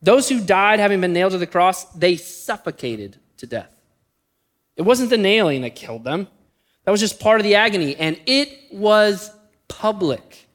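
A pastor preaches to his congregation. He is a middle-aged man with a rather high voice. He moves between quick storytelling bursts and slow, weighty phrases. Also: big pitch swings, a bit bright. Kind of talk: sermon.

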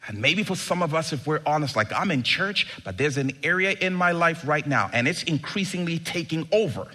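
A male pastor preaching a sermon in an animated, emphatic way, with sudden bursts of excitement. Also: on the high side, a little fast.

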